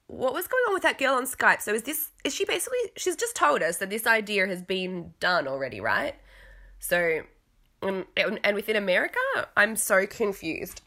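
A woman's voice: mid-range voice, sharp tone. A woman from Australia with a mixed Australian accent, rambling and hesitant through a casual recap while fighting a cough. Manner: rambling, hesitant, many fillers. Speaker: vlogger.

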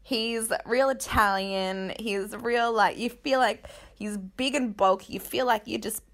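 A woman chats through gossip commentary with a candid, joking manner and quick asides. Her voice sits a little high and sounds bright and sharp. She speaks casually, as if talking to friends. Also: steady tone. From Australia. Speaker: podcast host.

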